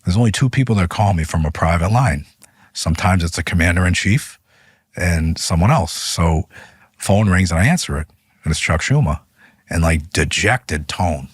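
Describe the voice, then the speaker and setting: A man, a union leader guest in an interview, telling stories in an animated way, his voice rising as he gets heated. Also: low-pitched, moderate pace, husky, no room sound, clean studio sound. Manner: animated, voice rises when retelling arguments. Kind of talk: interview storytelling.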